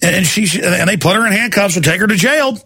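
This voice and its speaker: A man hosting a radio show, talking in a heated, mocking way and acting out quotes in shrill voices. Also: expressive, quick pace, sharp tone, husky. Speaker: radio host. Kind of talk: heated talk radio monologue.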